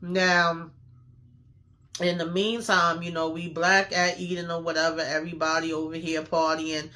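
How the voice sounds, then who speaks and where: Man host, fairly high bright voice, slangy and emphatic, casual episode recap. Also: level tone, a little fast. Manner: slangy, emphatic storytelling with many fillers.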